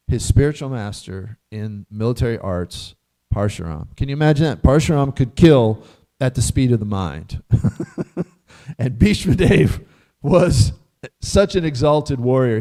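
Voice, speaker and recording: A man giving a casual scripture class, telling stories with animated rhetorical questions and frequent chuckles. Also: medium pitch.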